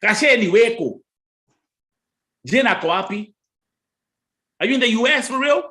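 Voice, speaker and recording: A man's voice: very high-pitched, animated, moderate pace, bright, forceful tone. A man with a Kenyan accent hosting a live stream, chatting casually and teasing his viewers. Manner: teasing, playful, bantering.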